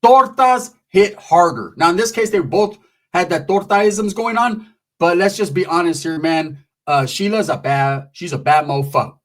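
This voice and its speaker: Brief: man telling a crude story, high, lively, rambling and full of swearing. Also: unhurried. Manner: profane, rambling, animated with voices. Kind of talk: comedic storytelling.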